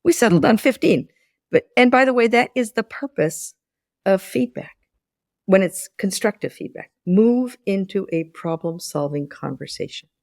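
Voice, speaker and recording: A woman in her sixties, once a business school lecturer, explains ideas in a podcast interview and tells anecdotes, acting out the dialogue with repeated restarts like an animated storyteller. Her voice is medium-pitched with vocal fry and a moderate pace. The recording is studio quality with no echo.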